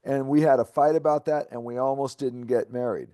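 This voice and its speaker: Man, middle-aged, mellow dark tone, earnest memoir reading, recovery podcast co-host. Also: medium pitch, steady tone, brisk. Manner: earnest storytelling, acting out shouted quotes.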